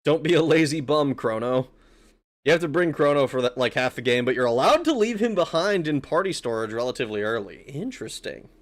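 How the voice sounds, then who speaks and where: A man's voice: medium pitch, big pitch swings, fast talker, few pauses. A man streaming a video game who talks casually, swears often and laughs a lot. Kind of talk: let's play commentary.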